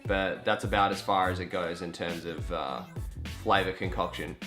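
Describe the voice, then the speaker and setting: A man's voice: deep voice, steady tone, moderate pace, fairly bright tone, faint music behind. A young Australian man with an Australian accent telling casual stories in a vlog, chatty and swearing now and then. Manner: chatty, swears casually, acts out quoted voices. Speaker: vlogger.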